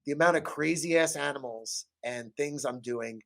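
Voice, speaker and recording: A man's voice: a little high, normal speed, vocal fry, a bit bright. A man in casual podcast chat about tabletop games who rambles, swears and acts out quotes from his table. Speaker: podcast guest or host talking tabletop games.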